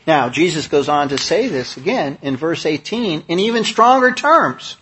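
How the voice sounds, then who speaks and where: A man delivering a sermon in a husky, slightly raised voice. He talks conversationally and stresses key words, often pausing to restart his thoughts with fillers. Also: fairly high pitch, expressive, bright, forceful tone. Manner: conversational, emphatic preaching with many fillers and restarts. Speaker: preacher.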